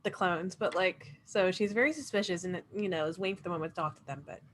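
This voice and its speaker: A woman's voice: lowish voice, fast talker, a little hiss or hum. A woman playing a tabletop game, describing her character's actions thoughtfully with many fillers. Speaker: player.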